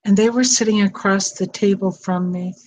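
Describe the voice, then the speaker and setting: A woman's voice: medium pitch, steady tone, moderate pace, a little mellow, slight background noise. An older woman telling a personal story about being a grandmother, in an earnest, heartfelt way, over a call microphone with an echo. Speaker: speaker on estranged parents. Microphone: online call microphone with echo.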